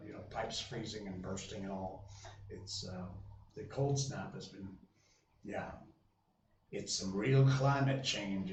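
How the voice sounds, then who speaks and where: A man hosting a live stream, chatting casually with viewers in a rambling way full of fillers and restarts. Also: on the low side. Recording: roomy sound, voice from a distance, faint hum.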